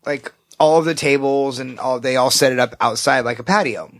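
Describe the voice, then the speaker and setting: Bright-voiced man telling a story. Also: mid-range voice, brisk. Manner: loose and profane, quotes himself in raised voice. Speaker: podcast co-host. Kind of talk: casual chat, telling a story.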